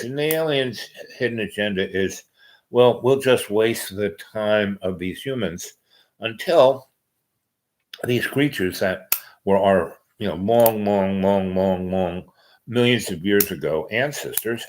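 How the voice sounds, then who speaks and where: Guy rambling on his podcast, lowish voice, lots of ums and you knows. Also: low-quality recording. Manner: meandering, many fillers and restarts. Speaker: podcast host. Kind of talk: rambling casual monologue.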